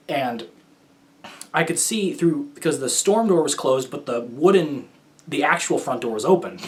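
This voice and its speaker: A young American man with a medium-pitched voice hosts a show, telling stories in casual solo talk. He rambles and hesitates, with lots of fillers and restarts.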